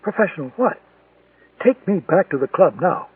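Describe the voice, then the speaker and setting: A man's voice: high voice, lively intonation, moderate pace, husky, no room sound, pitched above the performer's own voice, full character voice. A man reading an audiobook voices a frightened but defiant woman, a former militant denying who she is. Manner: pleading, insisting denial. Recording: tinny, distant, dry lo-fi recording.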